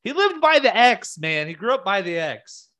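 A man's voice: very animated, normal speed, sharp tone, no room sound. Heated, profane man ranting on a vlog. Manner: heated, profane, with sudden high-pitched outbursts. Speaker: music fan ranting on video. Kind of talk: casual rant.

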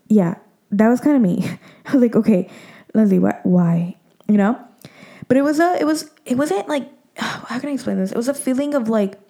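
Female vlogger, 20s: mellow, fry-laden tone, casual and emotional, heavy on "like.". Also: medium pitch. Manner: chatty, full of "like" and "um" fillers; candid and emotional. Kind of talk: casual chat to viewers.

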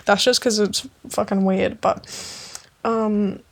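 A woman's voice: steady tone, slow. A young woman hosting her own podcast, rambling casually through a story, swearing freely and filling her talk with "like". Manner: chatty, swears freely, lots of "like" fillers; acts out quoted lines with raised pitch. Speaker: podcast host.

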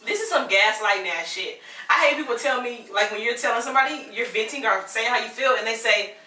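Brash, fast-talking young woman. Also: fairly high pitch, bright, forceful tone. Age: 20s. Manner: blunt, profane, emphatic. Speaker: podcast co-host. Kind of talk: casual chat. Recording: roomy room, far from the mic.

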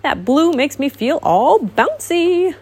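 A woman's voice: high-pitched, very animated, slow, darkish tone, voice pushed up, full character voice. A woman reading as a bouncy eager tiger. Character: bouncy cheerful male tiger.

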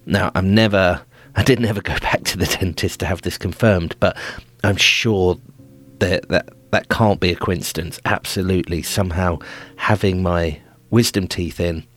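Man from britain, fairly low voice, casual storytelling, self-deprecating, laughs a lot. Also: fairly bright tone. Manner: self-deprecating, laughs often while telling. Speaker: podcast host telling a personal story.

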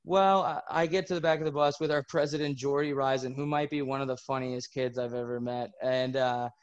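A podcast host casually telling a story, animated and laughing through it. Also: male voice, mid-range voice, brisk, smooth, highs cut off.

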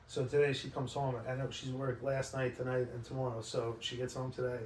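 A man co-hosting a podcast, talking casually, swearing, and chiming in with quick reactions. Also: medium pitch, flat delivery, a crowd in the background. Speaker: podcast co-host. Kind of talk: casual chat. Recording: roomy, distant mic, faint noise.

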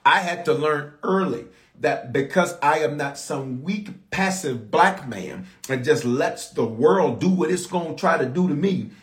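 A man's voice: a little high, a little slow, hardly any pauses, roomy sound. A man preaching a sermon as bishop, calling out to his congregation for response. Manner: animated, calls out to the congregation for response.

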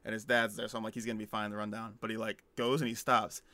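A young man co-hosting a podcast, telling an animated story in casual chat with lots of fillers. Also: lowish voice, racing, no echo. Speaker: podcast co-host.

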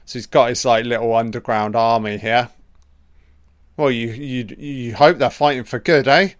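Man, film commentary host, profane, excitable, clear smooth voice, dry sound. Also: mid-range voice, normal speed, no room sound. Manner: profane, excitable running reactions.

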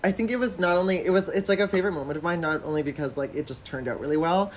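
A man's voice: fairly high pitch, very fast, a little hiss or hum. A man from Canada, a drag performer, chatting casually as a podcast guest, with many fillers and frequent laughs.

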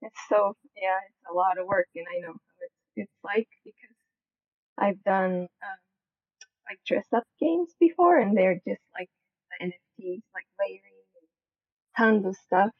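A woman's voice: medium pitch, measured pace, breathy edge, no room sound. A shy woman co-host giving an emotional thank-you, laughing nervously as she speaks. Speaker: co-host of an online audio room. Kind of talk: heartfelt thank-you speech. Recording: dull lo-fi audio.

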